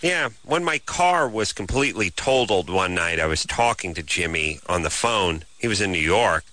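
A middle-aged man co-hosting a radio show, talking in a wry, deadpan, rambling way with lots of fillers. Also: deep voice, moderate pace. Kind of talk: casual late-night radio banter.

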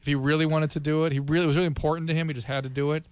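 A man's voice: a little high, little pitch movement, racing, clear, resonant tone, dry recording. A man hosting a radio call-in show who puts probing, wry questions to the callers. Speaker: radio host.

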